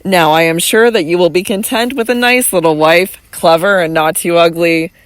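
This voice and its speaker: Commanding, teasing noblewoman in an audiobook, calm and controlled, read by the narrator, dry close recording. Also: on the low side, normal speed, no room sound, close to an everyday voice. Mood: playful. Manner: cool and commanding, then playful. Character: imperious, teasing young noblewoman. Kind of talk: audiobook reading.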